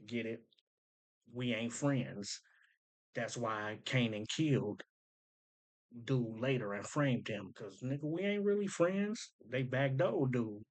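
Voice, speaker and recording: A man's voice: mid-range voice, slow pace. A man hosting a casual breakdown of rap lyrics, thinking aloud, repeating lines back and explaining them in loose slang. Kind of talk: casual commentary.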